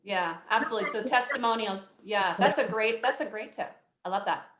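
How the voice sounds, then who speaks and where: A woman moderates a video call workshop, reading out audience questions in a friendly, chatty, occasionally apologetic manner. Her voice is medium-pitched and a little fast, with noisy background and roomy call audio.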